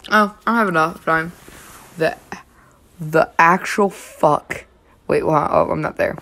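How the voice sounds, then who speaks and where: A woman's voice: deep voice, unhurried, gravelly, fairly bright tone. A young woman reading fan fiction aloud with blunt, swear-heavy running commentary. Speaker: reaction channel host.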